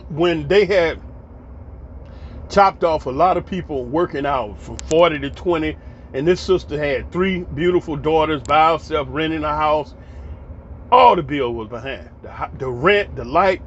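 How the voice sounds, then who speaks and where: A storyteller vlogger from Atlanta, Georgia, in the US, delivers a casual monologue of old stories in a folksy, rambling way. His voice sits on the high side, and he repeats words whenever he restarts a thought. The audio is dull and lo-fi, with faint background noise.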